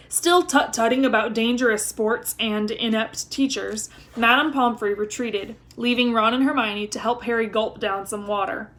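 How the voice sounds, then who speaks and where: Woman reading a novel aloud. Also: on the high side. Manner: expressive storytelling. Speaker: reader.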